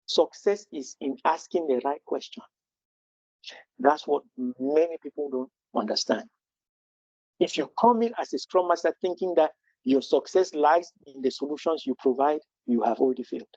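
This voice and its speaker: A man's voice: fairly high pitch, darkish tone, no echo, muffled recording. A man leading a live training webinar, earnest and full of rhetorical questions, often restarting his sentences. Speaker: Scrum trainer.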